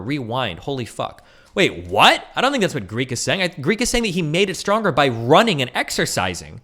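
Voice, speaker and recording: Fast, animated man ranting on stream. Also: mid-range voice. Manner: fast, heated, profane arguing with animated mock voices. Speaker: streamer reacting to a debate. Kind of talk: casual livestream commentary.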